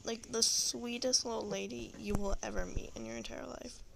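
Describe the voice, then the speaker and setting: A woman's voice: on the high side, fairly even intonation, normal speed, gravelly, noisy background. A young woman with a Texan accent telling a long story in a rambling, profane, frank way. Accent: Southern US (Texan). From Texas. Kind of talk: casual storytelling monologue.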